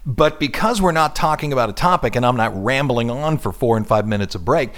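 A middle-aged man hosting a radio show in casual chat, explaining music with animated asides. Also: mid-range voice, fairly quick. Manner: animated, hums and imitates instrument sounds while explaining.

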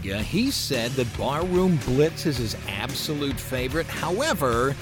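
A man's voice: medium pitch, very animated, unhurried, music in the background. A man hosting a radio show in a studio, talking in a casual, joking, self-deprecating way close to a studio microphone.

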